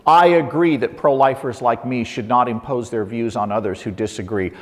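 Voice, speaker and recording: A middle-aged man giving a lively talk to an audience, asking rhetorical questions with playful asides, on a mic in a lecture hall. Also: medium pitch, normal speed. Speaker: speaker. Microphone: handheld or lapel mic. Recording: long hall reverb.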